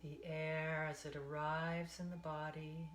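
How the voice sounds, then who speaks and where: A woman meditation teacher leading a guided meditation in a calm, soothing, unhurried way, sometimes dropping to a soft breathy tone. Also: sits low, slight background noise. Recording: echoey room.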